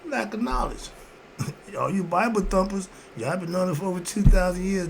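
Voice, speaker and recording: A man's voice: on the high side, a little hiss or hum. Preachy man chuckling through a self-help talk. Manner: preachy, repetitive call-and-response phrasing with frequent chuckles. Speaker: self-help philosophy host. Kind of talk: casual motivational monologue. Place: home room with a heater running.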